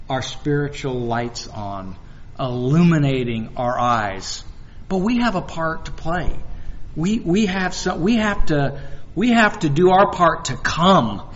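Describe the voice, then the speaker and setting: A man preaching a sermon in a chatty, storytelling way, often restarting his sentences and acting out short conversations. His voice sits a bit high. It echoes through a large hall and comes across slightly muffled. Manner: conversational, with repeated restarts and acted-out dialogue. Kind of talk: sermon with personal stories.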